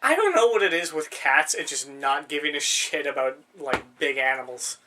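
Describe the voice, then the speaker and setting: A man's voice: a little high, animated, moderate pace, background noise. A young man co-hosting a podcast in casual chat, rambling and swearing freely, laughing often. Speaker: podcast co-host.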